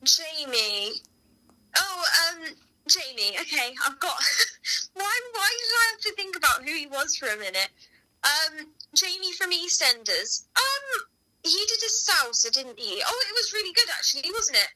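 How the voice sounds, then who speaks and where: A woman in a casual chat as co-host, reacting with giggles and animated exclamations. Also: sits high, normal speed, low-quality recording.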